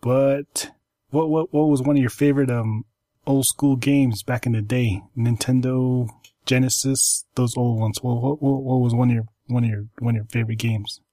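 A man's voice: mid-range voice, moderate pace, dry recording. Easygoing man hosting a podcast. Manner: easygoing, repeats words when excited. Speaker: podcast host. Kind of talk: casual chat.

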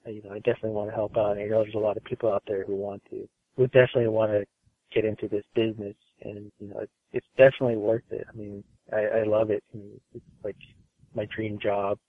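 Man, podcast guest, casual rambling chat, phone-quality audio, lowish voice. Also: little pitch movement, quick pace. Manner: rambling, filler-heavy, easygoing. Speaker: podcast guest, animation studio worker.

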